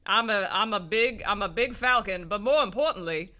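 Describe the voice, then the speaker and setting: Bright-voiced Southern man chatting over a game. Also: high voice, normal speed. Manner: rambling, self-mocking, laughs often. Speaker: let's play co-host. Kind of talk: casual gameplay commentary.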